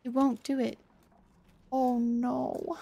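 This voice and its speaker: High-voiced woman streamer, jumpy and swearing. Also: little pitch movement, takes it slowly, creaky, warm tone, slight background noise. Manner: jumpy, swears when startled, apologetic. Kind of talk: live gameplay commentary.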